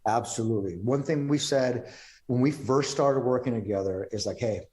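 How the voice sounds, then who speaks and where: A man talking as a podcast guest, telling stories in a relaxed way, quoting others and swearing now and then. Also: mid-range voice, normal speed. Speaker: podcast guest, pro wrestler. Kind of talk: casual interview storytelling.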